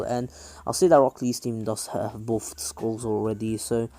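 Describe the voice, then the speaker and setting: Mellow-voiced young man rambling a story. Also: lowish voice, little pitch movement, a little slow, dry recording. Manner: rambling, many fillers and restarts. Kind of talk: casual fan-fiction storytelling.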